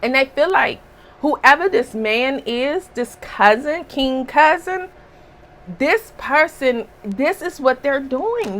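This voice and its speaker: A woman's voice: sits high, fairly bright tone, a little hiss or hum. A woman giving a casual spiritual reading, talking bluntly and emphatically with a scolding tone. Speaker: spiritual reader.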